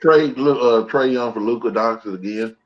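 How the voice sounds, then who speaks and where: A man in the middle of a casual sports debate, blunt and quick to joke, his points spilling out in long run-on stretches. The audio is dull and lo-fi. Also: mid-range voice, a little hiss or hum. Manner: blunt, joking, talks in long run-on takes. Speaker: sports show co-host.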